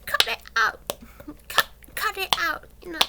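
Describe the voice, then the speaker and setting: A woman's voice: very high voice, sing-song, very fast, gravelly, pitched above the performer's own voice, exaggerated voice. A woman putting on a bashful young male punk musician who pleads to be treated nicely, with an attempted Cockney accent. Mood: bashful pleading. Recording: loud background noise.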